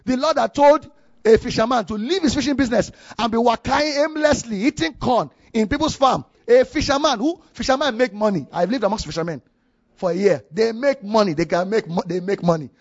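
Nigerian male preacher, high husky voice, animated storyteller who repeats himself for emphasis; dry, dull lo-fi sound. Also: fairly quick, dry recording. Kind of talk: sermon with personal testimony.

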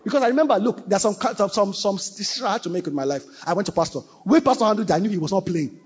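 High, husky preacher in a hall. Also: male voice, rapid-fire. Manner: animated, mimics church members, bursts into shouts. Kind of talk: sermon. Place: church hall. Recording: dull recording with long hall reverb.

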